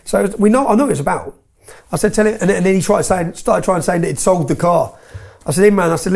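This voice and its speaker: A man's voice: sits high, fast, creaky, darkish tone. A man telling stories with emphasis as an interview guest, often tagging his points with "yeah?". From England. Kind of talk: heated interview storytelling.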